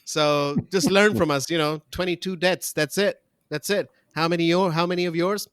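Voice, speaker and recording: A man's voice: on the high side, steady tone, moderate pace, a bit bright, clean tone, no room sound, studio quality. A man hosting a comedy podcast, ranting and joking in casual chat. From New Zealand. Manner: ranting, jokey, puts on voices. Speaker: podcast host.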